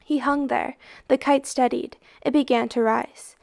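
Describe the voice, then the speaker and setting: Woman, storybook reader, expressive dramatic narration, somewhat high voice, gravelly edge. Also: a little slow. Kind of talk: storybook read-aloud.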